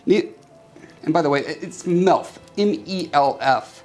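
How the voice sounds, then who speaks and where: A man's voice: on the high side, animated, unhurried, vocal fry, long pauses, soft background music. A man playfully narrating a crafting video and reading a short story aloud, joking as he goes. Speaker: maker YouTuber.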